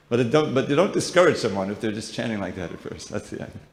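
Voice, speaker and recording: A man's voice: mid-range voice, big pitch swings, fast talker, vocal fry, slight background noise. Man giving a chatty lecture in an echoey hall. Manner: conversational, joking asides, frequent restarts. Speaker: guest teacher at a seminar. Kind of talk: informal devotional lecture. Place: temple hall with audience.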